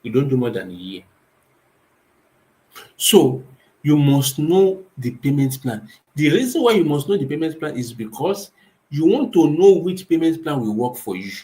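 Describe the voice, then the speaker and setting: A man's voice: a little high, sing-song, normal speed, warm tone, poor audio. A man with a Nigerian accent giving advice as a real estate company owner, emphatic and repetitive, asking rhetorical questions and answering them himself. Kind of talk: spoken advice talk.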